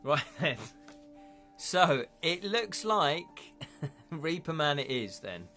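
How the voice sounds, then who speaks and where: A man's voice: a little high, big pitch swings, slow pace, sharp tone, soft background music. A British man hosting a live interactive gamebook stream, narrating and calling for chat votes in a playful, jokey way. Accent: British English.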